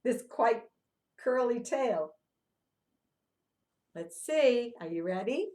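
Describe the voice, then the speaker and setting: Animated, coaxing woman reading to kids. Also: on the high side, takes it slowly. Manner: animated, coaxing, sing-song chants, asks children questions. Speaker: children's movement teacher. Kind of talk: interactive read-aloud for young children.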